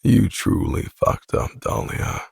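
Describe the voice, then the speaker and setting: Man voicing a cold menacing young guy, growly, deep gravel, husky. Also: big pitch swings, normal speed, darkish tone, no room sound, clean studio sound, exaggerated voice. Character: cold possessive young man, furious, threatening.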